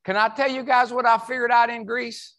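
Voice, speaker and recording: A keynote speaker with an extremely high, fairly bright voice and little pitch movement talks briskly in an event hall. Hailing from West Virginia, he uses a Southern accent and spins folksy, joking stories in a humorous motivational speech.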